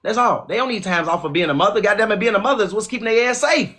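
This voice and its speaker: A fast-talking man, hosting a podcast. His voice sits high and he swears constantly, scornful and combative. He pushes his opinions hard. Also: lively intonation, a bit bright. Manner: profane, aggressive, scornful. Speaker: podcast host. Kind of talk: heated opinion rant.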